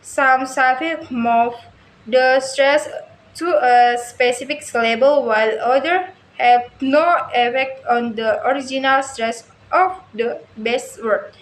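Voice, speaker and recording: Slow high-voiced woman reading a lesson. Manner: slow careful reading with frequent stumbles and restarts. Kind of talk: reading a lesson text aloud. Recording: echoey room with faint ambient noise.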